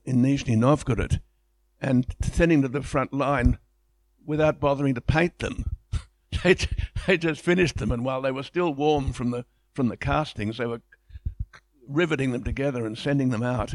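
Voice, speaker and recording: A man delivers an illustrated public lecture with warm enthusiasm and a conversational flow, often restarting his phrases. His voice sits at an ordinary middle pitch, and the recording is dry and close, with no room sound. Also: no echo.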